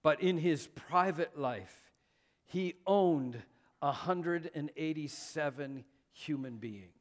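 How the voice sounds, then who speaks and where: A man's voice: on the high side, slow pace. A man preaching a sermon as pastor, conversational and self-deprecating, with frequent fillers.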